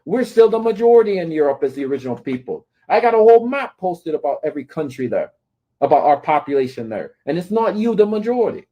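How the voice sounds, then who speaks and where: A man's voice: on the high side, sing-song, fast talker, muffled recording. A man ranting at his critics, scolding and taunting them and often asking "right?". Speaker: commentator. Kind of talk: confrontational rant to camera.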